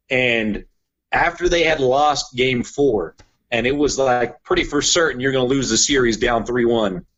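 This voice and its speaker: Animated man, dull lo-fi sound. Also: medium pitch. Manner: animated storyteller, heavy use of "like". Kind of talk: casual chat.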